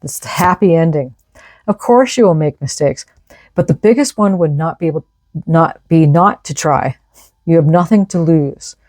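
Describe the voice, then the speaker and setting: A woman's voice: deep voice, mellow, no echo. A woman giving an enthusiastic, casual tarot reading, reading out card messages and explaining them. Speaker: tarot reader.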